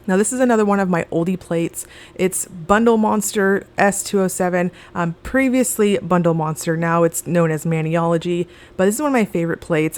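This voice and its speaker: A young woman with a slightly low voice talks through her nail art in a relaxed voice-over. She is chatty and easygoing, with plenty of fillers as she goes. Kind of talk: casual voice-over tutorial.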